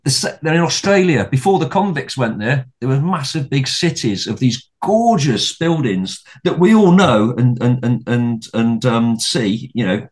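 A man's voice: medium pitch, expressive, measured pace, few pauses. A middle-aged man, a podcast guest, telling a story in casual conversation, rambling with many restarts and repeated words and swearing freely.

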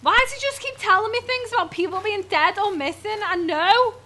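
A woman's voice: very high-pitched, a little fast, bright, forceful tone. A woman gamer giving jumpy horror game commentary on a headset, swearing and yelping at scares.

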